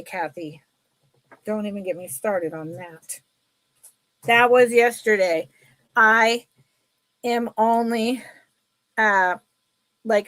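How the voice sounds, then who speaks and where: A middle-aged woman chatting casually while selling jewelry on a live sale, telling stories in an animated way. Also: on the high side, no room sound.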